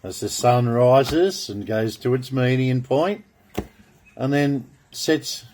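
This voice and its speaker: Slow, grandiose man. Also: medium pitch, darkish tone, slight background noise. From Australia. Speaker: video blogger. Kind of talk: rambling monologue, drawing cards.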